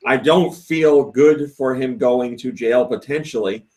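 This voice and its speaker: A man's voice: medium pitch, a little slow, a little mellow. A man hosting a casual podcast, chatting, laughing often and reading viewer comments aloud. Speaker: podcast host.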